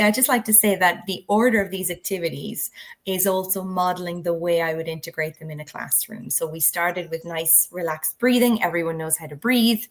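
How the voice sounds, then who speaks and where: A woman working as a drama education trainer, instructive in tone and walking through each step with examples. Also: on the low side. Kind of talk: explanatory conversation.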